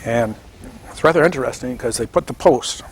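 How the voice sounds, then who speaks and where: A man in his seventies from Washington State, telling his story in an oral history interview, animated and chuckling, acting out the voices of people he quotes. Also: mid-range voice, brisk, slight background noise. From Washington State, United States. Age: 70s. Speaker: veteran interviewee.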